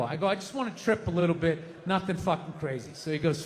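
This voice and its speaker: A man in his fifties telling a stand-up story in a loud, animated way, with shouted bursts. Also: on the high side, fast, few pauses. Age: 50s. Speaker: stand-up comedian. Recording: reverberant hall with faint noise.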